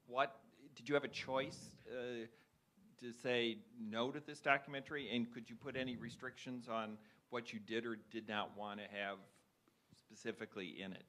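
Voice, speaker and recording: A man asking a question at a press conference, halting and restarting as he goes. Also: medium pitch, a bit bright. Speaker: reporter.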